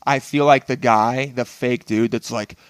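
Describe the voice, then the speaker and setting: A man's voice: medium pitch, fairly even intonation, takes it slowly, clear, resonant tone, no room sound. A young man guesting on a podcast, talking loosely and profanely, often laughing at himself. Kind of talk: casual podcast chat.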